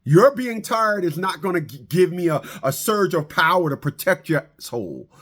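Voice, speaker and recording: A middle-aged man lectures his listeners in an animated, preachy monologue. His voice sits fairly high for a man. He stumbles and restarts often, piling up repeated words. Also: moderate pace. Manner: preachy, repetitive, stammering restarts. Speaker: commentator on fathers and child support.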